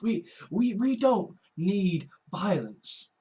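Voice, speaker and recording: Husky, slow-talking man. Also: sits high, big pitch swings, warm tone, rough recording. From Britain. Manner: earnest, halting, repeats words, swears often. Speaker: vlogger. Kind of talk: emotional personal monologue. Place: home.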